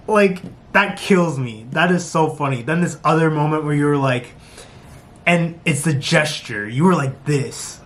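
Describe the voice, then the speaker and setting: A man talking to camera in a casual review vlog, animated and laughing often, slipping into quick impressions. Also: fairly high pitch. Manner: talks with his hands. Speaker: show reviewer.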